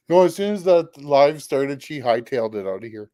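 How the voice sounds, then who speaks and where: A man's voice: mid-range voice, lively intonation, unhurried, warm tone, dry recording. A man chatting from home on a video call, blunt and casual, swearing freely and often answering in short replies. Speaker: guest YouTuber. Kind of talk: casual chat.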